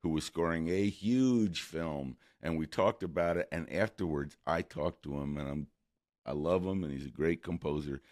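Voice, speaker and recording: A man hosting a podcast in casual chat, with a gravelly voice, agreeable and quick to affirm his guest. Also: a bass voice, darkish tone, dry recording, clean studio sound. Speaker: podcast host.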